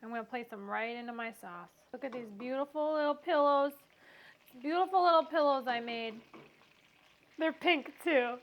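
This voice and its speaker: A woman's voice: high voice, normal speed, lo-fi sound. A woman hosting a casual home cooking vlog, talking in a bubbly, chatty way into a clip-on mic. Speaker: home cook host.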